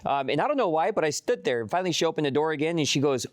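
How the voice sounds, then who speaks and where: A young man, a guest on an interview show, telling stories with lively acted-out voices. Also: on the high side, racing, dry recording, clean studio sound. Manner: animated, acts out voices in anecdotes. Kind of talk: interview storytelling.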